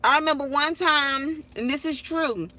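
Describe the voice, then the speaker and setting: High, bright-voiced chatty woman in a car. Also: normal speed. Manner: chatty, animated storytelling with frequent laughs. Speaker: vlogger talking to viewers. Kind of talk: casual chat while driving. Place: inside a car.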